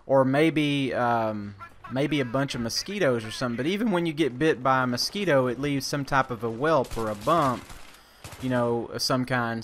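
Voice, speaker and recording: A man's voice: medium pitch, fairly bright tone, slight background noise. A man in a mid-range voice spinning a loose, casual yarn about his army days. He wanders through the telling with lots of fillers and false starts, and drops the odd curse word along the way. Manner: rambling, many fillers and restarts; swears casually. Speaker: army veteran vlogger. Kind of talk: casual storytelling.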